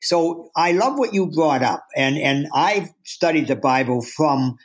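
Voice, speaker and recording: A man's voice: a little high, lively intonation, a little slow. A man talking earnestly as a guest author, acting out the inner voices he describes. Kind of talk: reflective interview talk.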